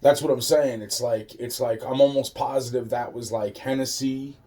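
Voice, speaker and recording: A man's voice: mid-range voice, steady tone, moderate pace, mellow, far from the mic. A man in a rambling, profane monologue, restarting his sentences again and again.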